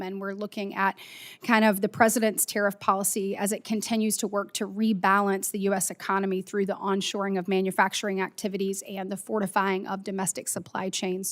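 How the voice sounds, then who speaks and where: Earnest woman questioning a witness. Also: mid-range voice. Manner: earnest, polite, measured questioning. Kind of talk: congressional hearing questioning.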